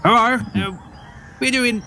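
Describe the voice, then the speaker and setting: A man's voice: extremely high pitch, steady tone, measured pace, vocal fry, pushed and bright, slight background noise, pitched above the performer's own voice, exaggerated voice. A man voicing a fussy, protective halfling farm woman, flustered and scolding. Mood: wary.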